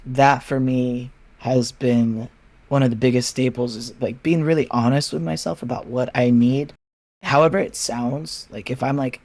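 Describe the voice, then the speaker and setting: A man's voice: medium pitch, fairly even intonation, moderate pace, darkish tone, dry recording. A man talking candidly as a podcast guest, frank and casual with swearing, acting out his friends' replies as he tells stories. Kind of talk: candid personal conversation.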